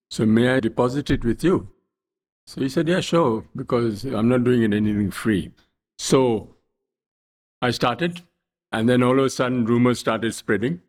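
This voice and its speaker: An older man from India recounts his past in a relaxed, wry voice, his phrases often fading off softly at the ends. His voice is husky and sits somewhat low. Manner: anecdotal, wry, trailing off softly. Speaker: interview guest. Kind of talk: storytelling in conversation.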